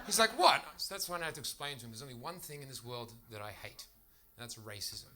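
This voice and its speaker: A young Australian man with an Australian accent doing a stand-up comedy set on a club stage, telling stories in a quick, chatty way with bursts of laughter. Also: mid-range voice, lively intonation, crowd noise.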